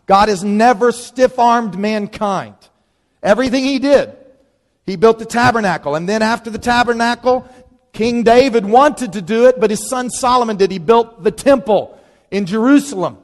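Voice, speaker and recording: A man preaching a sermon in a lively, conversational way, leaning on dramatic pauses. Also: high-pitched. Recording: long reverb of a large hall.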